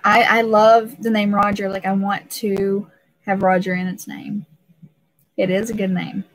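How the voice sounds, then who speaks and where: A woman's voice: mid-range voice, flat delivery, unhurried, dry recording, low-quality recording. A young pregnant woman hosting a casual live stream, talking emotionally and laughing often, with many restarts.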